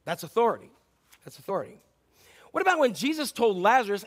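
Preaching with a high voice that swings widely in pitch, a fast-talking pastor with a fairly bright tone keeps his sermon conversational and full of jokes. He puts questions to the congregation and performs scripture lines in playful voices.

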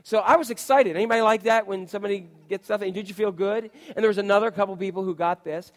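A man's voice: high voice, fairly even intonation, fast talker. Man, pastor, sermon, storytelling, asks the congregation questions, long hall reverb. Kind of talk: sermon with personal stories.

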